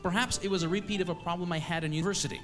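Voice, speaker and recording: A man from eastern Canada telling a comic story on stage, with a wry, deadpan, self-mocking delivery. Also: sits high, racing, over music. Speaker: comedian storyteller. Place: stage at a live show.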